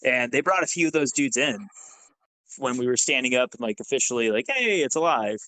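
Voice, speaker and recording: A man's voice: mid-range voice, fairly quick, no echo, low-quality recording. Profane man telling army stories. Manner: profane, animated, acts out dialogue. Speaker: podcast guest, former Army sergeant. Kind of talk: casual storytelling.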